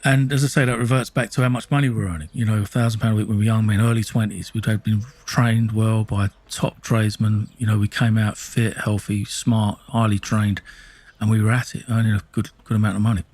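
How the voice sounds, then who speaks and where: A man's voice: lowish voice, level tone, fairly quick, a little mellow. A middle-aged man with an Essex accent, telling his own story in blunt, sweary casual speech full of restarts. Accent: Essex English. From England. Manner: blunt, sweary, with many restarts and "you know what I mean". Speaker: storyteller recounting his life.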